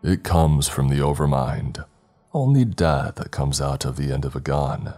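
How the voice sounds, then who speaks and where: A grave old priest with a very deep voice, measured and solemn, speaking in old-fashioned phrasing, as a man narrating a horror story puts him on. Faint music plays behind him. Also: animated, darkish tone, heavily acted. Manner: slow, solemn, archaic speech. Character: old male mystic priest, calm and grave.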